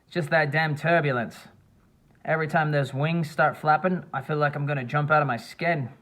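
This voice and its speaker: A man's voice: fairly high pitch, steady tone, normal speed, a bit bright, natural voice. Man putting on a brash young Australian adventurer. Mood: jovial. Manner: boisterous, slangy. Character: young male Australian anthropologist, brash and thirsty. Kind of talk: audiobook character voice.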